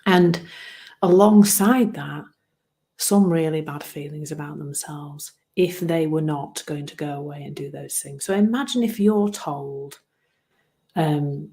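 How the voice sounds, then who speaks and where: A woman with a slightly low voice talks through her old approach to coaching. She is earnest and a little self-deprecating, chuckling at herself and circling back over words as she gathers her thoughts. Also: measured pace, dark tone. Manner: earnest, self-deprecating, laughs at herself, repeats words while searching for phrasing. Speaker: wellbeing coach. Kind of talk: reflective solo talk.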